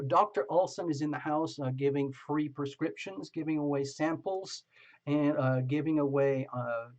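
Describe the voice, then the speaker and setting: A man's voice: fairly high pitch, dull audio. A man hosting a live tarot stream, chatting casually, greeting viewers by name and laughing often.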